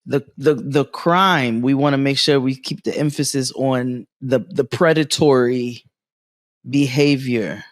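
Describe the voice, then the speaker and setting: Guy cohosting a comedy podcast in a living room, animated storyteller, dry close sound, middle pitch. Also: dry recording. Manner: animated storyteller, quick bursts and laughs. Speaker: podcast co-host. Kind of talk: casual comedic chat.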